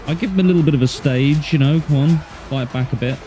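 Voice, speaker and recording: A man's voice: on the high side, fast, warm tone, faint music behind. A man streaming a game with casual, playful, self-mocking chat in a put-on Australian accent. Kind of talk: casual gameplay commentary.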